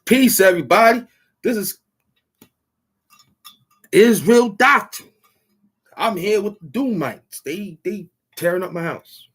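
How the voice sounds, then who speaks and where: A man putting on a mocking impression of a frightened rival man, high-pitched and squealing. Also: lively intonation, slow, long pauses, slightly rough, exaggerated voice. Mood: mock panic.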